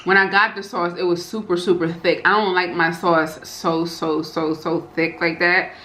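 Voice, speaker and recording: A woman vlogging as she eats, savoring her food in slow, drawn-out casual talk, stretching and repeating words and calling her viewers y'all and you guys. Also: fairly low pitch, level tone, sharp tone. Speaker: mukbang vlogger. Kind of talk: casual eating vlog chat. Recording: echoey room with faint ambient noise.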